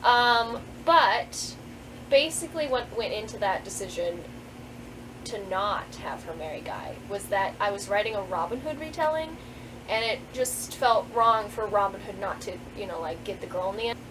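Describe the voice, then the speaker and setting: A woman's voice: mid-range voice, animated, moderate pace, noisy background. A woman author in a casual vlog, reading aloud from her own book, chatty and often breaking into giggles. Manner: giggly, keeps breaking into laughter; chatty, with many fillers and restarts.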